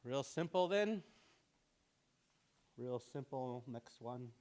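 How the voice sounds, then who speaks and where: In an easygoing language class, a man at medium pitch slowly voices words and repeats each one for the learners.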